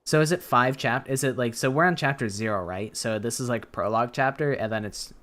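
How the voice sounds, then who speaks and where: A man's voice: medium pitch, a little fast, fairly bright tone. A tired man streaming a game, chatting casually in a rambling, hesitant way that often trails off. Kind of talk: casual gameplay chat. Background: game music.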